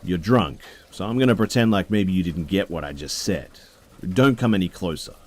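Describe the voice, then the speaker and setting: A man voicing a calm but menacing young boyfriend who gives a firm warning, his voice rising louder than his narration. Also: low-pitched, normal speed, pitched above the performer's own voice.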